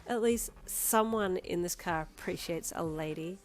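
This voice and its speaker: A woman's voice: on the low side, unhurried, soft background music, natural voice. A woman reading a cheeky, playful young woman.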